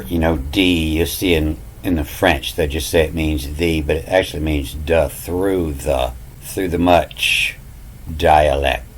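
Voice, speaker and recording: A self-styled language teacher with an extremely low, darkish voice gives a meandering, self-taught lesson, spelling out letters and repeating words. He leans on "you know" constantly in this rambling explanatory monologue. The recording quality is low.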